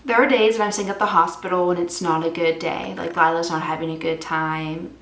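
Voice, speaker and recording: A woman's voice: lowish voice, steady tone, brisk, fairly bright tone, roomy sound. A young mother speaking earnestly and from the heart in a personal vlog about faith. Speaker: vlogger.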